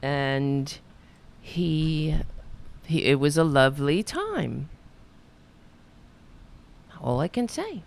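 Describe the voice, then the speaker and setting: A woman's voice: low-pitched, big pitch swings, drawn-out words, gravelly, pauses often. A middle-aged woman hosting a show, rambling, swearing and mocking herself in a casual chat. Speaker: podcast host. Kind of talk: casual self-deprecating chat after an interview.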